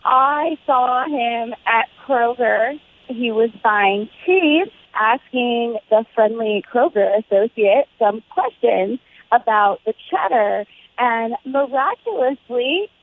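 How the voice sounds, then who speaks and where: A woman's voice: on the high side, expressive, slow pace. An American woman calling in by phone, indignant and accusing. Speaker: caller. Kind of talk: casual phone chat. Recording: tinny phone line.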